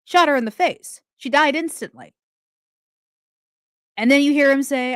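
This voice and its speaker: A woman's voice: high-pitched, animated, normal speed, long pauses, a bit bright, dry recording, studio quality. A woman hosting a true crime commentary, talking it through in a casual, indignant way. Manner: indignant, conversational, talks things through aloud.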